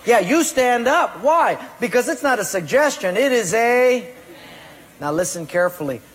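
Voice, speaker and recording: A pastor preaching a sermon with emphatic delivery and rhetorical questions to the congregation. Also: male voice, very high-pitched, lively intonation, normal speed, a bit bright, a little hiss or hum. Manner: emphatic preaching, rhetorical questions, acts out excuses in quoted voices. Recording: long hall reverb.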